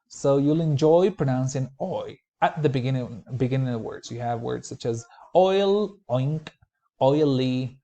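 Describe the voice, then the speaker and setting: Mellow-voiced man teaching pronunciation. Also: medium pitch. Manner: explanatory, slows to model words clearly. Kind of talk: recorded online lecture.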